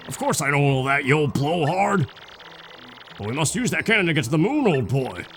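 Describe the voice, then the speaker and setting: A man's voice: a little high, sing-song, a little fast, a bit bright, a little hiss or hum. A man voicing a pompous old male Bob-omb sailor who talks in a clipped, stuffy way. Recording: game music behind.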